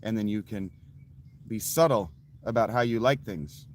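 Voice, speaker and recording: A man's voice: fairly low pitch, normal speed, slight background noise. A man in his late thirties telling a story to his viewers in a casual, blunt way, with frequent profanity. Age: late 30s. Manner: blunt, profane, laughs at his own stories. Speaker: vlogger.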